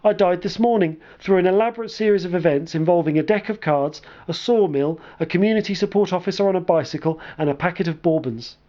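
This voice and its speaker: A man's voice: sits high, fast, few pauses, mellow, dull audio, pitched above the performer's own voice, close to an everyday voice. Andy, a man doing an earnest ghost friend. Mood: insistent. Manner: earnest and firm. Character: insistent ghost of a dead male friend.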